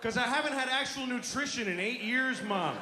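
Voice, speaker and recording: A man voicing a whiny, dehydrated young boy who shouts and pleads at his mother, recorded live in a club. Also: extremely high pitch, a little fast, noisy background. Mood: pleading. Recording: roomy live club with audience laughter.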